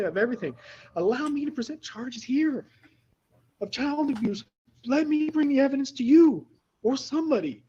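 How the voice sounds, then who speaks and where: A tearful man pleads with a judge, his voice high for a man and husky. He rambles and circles back to the same points as he represents himself. The courtroom recording sounds dull and lo-fi. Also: darkish tone. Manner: emotional, rambling, repeats himself.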